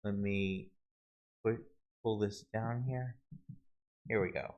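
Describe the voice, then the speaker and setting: A man with a fairly low voice narrates a screen-recorded tutorial. He talks casually and haltingly, often breaking off and restarting his sentences as he clicks through the page. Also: fairly even intonation, lo-fi sound. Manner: halting, many restarts and fillers. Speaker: video tutorial host.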